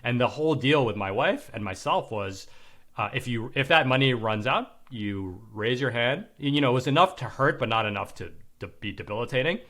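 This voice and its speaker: A man in his forties, appearing as a podcast guest, tells a candid personal story in casual conversation, swearing now and then and acting out the people he quotes. His medium-pitched voice is expressive and fairly bright, at a normal speed.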